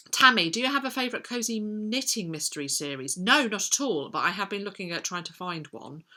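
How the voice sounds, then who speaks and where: A middle-aged woman with a slightly low but bright, clear voice. She talks through viewer questions in a relaxed, chatty way, often pausing on an um while she thinks. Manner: chatty, thinks aloud with many ums. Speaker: book vlogger answering viewer questions. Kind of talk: casual chat.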